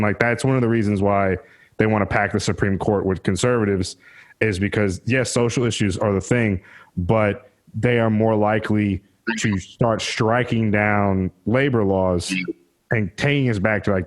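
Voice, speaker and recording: A man with a Southern US accent hosting a podcast, talking in a rambling, profane, animated way about labor politics. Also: lowish voice. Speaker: podcast host. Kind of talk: casual political chat.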